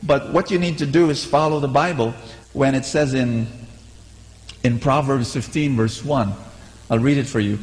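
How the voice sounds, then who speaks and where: A man preaching a sermon, animated and conversational, asking the congregation to repeat after him. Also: medium pitch, normal speed, big-room sound, poor audio.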